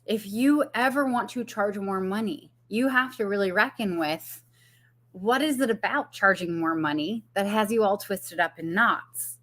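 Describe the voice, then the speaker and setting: A woman's voice: mid-range voice, measured pace, fairly bright tone. A woman business coach giving a casual live-streamed talk, chatty with fillers and frequent laughs.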